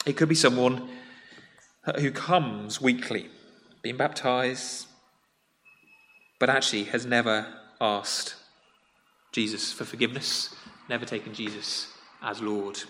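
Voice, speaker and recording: A man preaching a sermon as pastor, plain-spoken and conversational, alternating loud emphasis with quiet, earnest drops. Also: medium pitch, steady tone, slow pace, pauses often. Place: church sanctuary. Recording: long reverb of a church hall.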